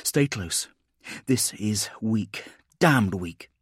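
A commanding armoured woman proctor snaps out short orders, brisk and impatient, in an audiobook reading, voiced by a man. The voice sits up high and loud against the reading, recorded dry and close. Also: expressive, slightly rough, no room sound, heavily acted. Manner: curt, barked orders.

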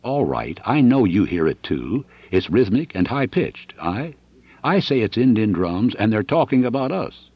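A man voicing an excitable, blunt male surveyor, loud and exclamatory, in an audiobook. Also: lowish voice, unhurried, breathy edge, no echo, highs cut off, pitched above the performer's own voice, heavily acted. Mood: insistent.

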